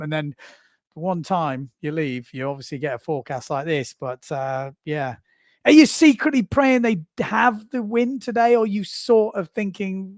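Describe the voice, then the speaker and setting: Reading viewer comments aloud, a streamer in a small booth keeps things chatty, self-mocking, and full of laughter. The close mic leaves his somewhat high voice dry and echo-free, and he talks expressively at a moderate pace.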